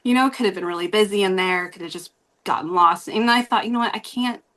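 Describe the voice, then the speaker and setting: A woman's voice: medium pitch, quick pace, a bit bright. Rambling woman telling a story. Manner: rambling, laughs often, many fillers. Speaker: guest host. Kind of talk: casual podcast storytelling.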